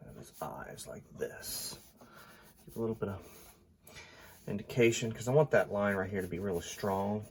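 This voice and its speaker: A congested man with a stuffy nose casually commenting as an artist while he draws, thinking aloud and often trailing into quiet mumbles. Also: deep voice, expressive, measured pace, gravelly, pauses often.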